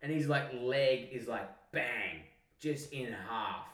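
An Australian man and podcast co-host telling an animated, sweary story in casual chat. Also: medium pitch, slow, recorded from a distance. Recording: roomy sound, mic set back.

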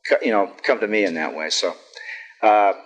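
Here a middle-aged man tells his own story at a recovery meeting, frank and unpolished, peppering it with fillers and jokes at his own expense. He speaks at a moderate pace in a lowish voice, captured on a rough recording.

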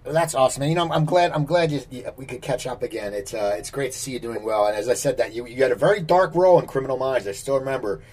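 A man's voice: mid-range voice, quick pace, few pauses, darkish tone. A man hosting a casual interview, asking long, rambling questions. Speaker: interview host.

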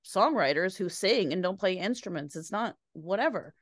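An opinionated woman in a casual chat, her pitch leaping up and down as she makes her points. The sound is dry and close, with no room around her. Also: no room sound. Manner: animated, opinionated, quick asides.

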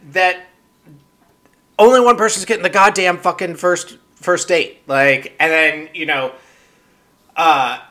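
A man's voice: mid-range voice, bright, forceful tone. A man hosting a podcast, recapping a show in a rambling, profane and exasperated way, full of fillers and restarts. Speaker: podcast host. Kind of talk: casual recap chat.

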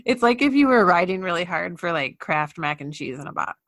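A woman co-hosting a podcast, chatting casually in a relaxed way and laughing easily. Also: on the low side, fairly quick. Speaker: podcast co-host. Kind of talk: casual chat.

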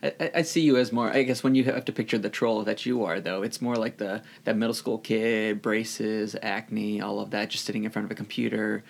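A man's voice: fairly low pitch, steady tone, fairly quick, vocal fry, hardly any pauses. A man, a resident co-hosting a podcast, dryly teasing his colleague in casual chat.

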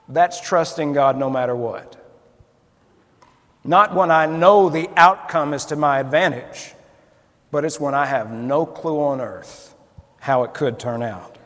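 A man preaches in a chatty, questioning way, as if talking with his listeners. His voice sits high for a man. A long reverb trails his words, as in a large hall. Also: measured pace, a bit bright. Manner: conversational, asks the listeners questions. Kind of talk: sermon.

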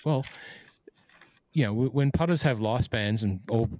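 A man's voice: medium pitch, moderate pace, a little mellow. A man co-hosting a casual golf podcast over a video call, chatting easily and laughing often, a self-described equipment nerd. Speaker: podcast co-host.

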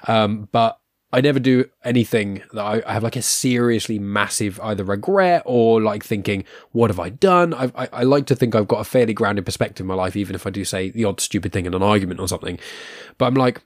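A man's voice: lowish voice, brisk, no echo, clean studio sound. A young man hosting a podcast, chatting casually with a rambling, self-deprecating manner, full of fillers and restarts. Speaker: podcast host.

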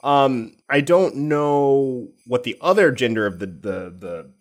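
A man with a lively, swinging voice trading wry jokes in a casual podcast chat. He is loose and offhand, and often laughs at his own remarks. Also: medium pitch, takes it slowly. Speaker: podcast co-host.

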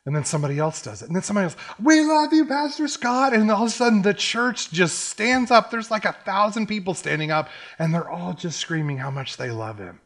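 A man's voice: a little high, quick pace, few pauses. A middle-aged man preaching a sermon, telling a personal story and acting out the quotes. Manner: animated storyteller, acts out quotes. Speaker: pastor.

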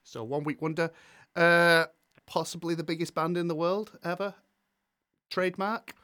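A man's voice: a little high, fairly even intonation, moderate pace, sharp tone. A man hosting a casual podcast chat, jokingly reading out chart dates. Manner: jokey, reads chart dates with mock ceremony. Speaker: podcast host.

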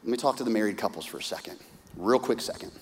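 A man preaching a sermon, retelling a story with lively, humorous asides and acted-out voices. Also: fast talker, husky. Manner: animated storytelling, acting out characters with big pitch swings. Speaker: pastor. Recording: hall reverb.

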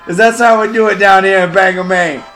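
A man's voice: high voice, steady tone, brisk, fairly bright tone. A man playing a blustering Cajun judge in a thick Louisiana Cajun accent, in a comedy skit. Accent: Louisiana Cajun, put on. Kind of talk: comedy podcast skit acting.

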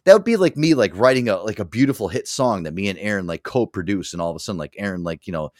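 A man's voice: fairly low pitch, lively intonation, quick pace, dry recording, studio quality. A man hosting a talk show, rambling with lots of "I mean, listen," and laughing often. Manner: rambling, many fillers and restarts, laughs a lot. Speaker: host. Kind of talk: casual chat.

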